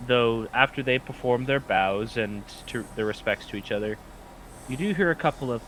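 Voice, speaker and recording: A man's voice: medium pitch, normal speed, a bit bright, a little hiss or hum, rough recording. A man narrating as game master of a tabletop game in an easygoing, descriptive way.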